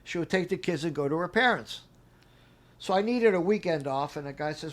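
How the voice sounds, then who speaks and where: Brisk and a little high in pitch, a middle-aged man on an interview tells a long story from his own life in casual conversation. He animatedly reenacts what people said, laughing as he talks.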